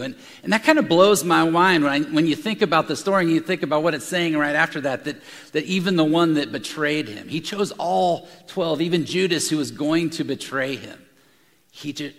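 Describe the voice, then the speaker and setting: A man delivers a sermon in a large room, drifting between personal storytelling and scripture. His voice sits a little high with a gravelly edge, and he often doubles words as he talks. A long reverb trails his voice through the hall. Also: a bit bright. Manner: storytelling with frequent repeated words. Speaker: pastor.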